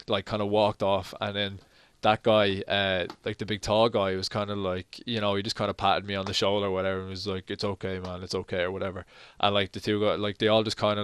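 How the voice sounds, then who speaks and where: A man's voice: lowish voice, smooth, dry recording, studio quality. A young man, telling a personal story on his vlog, swearing a lot and acting out what everyone said. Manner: animated, profane retelling that acts out quoted dialogue. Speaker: vlogger.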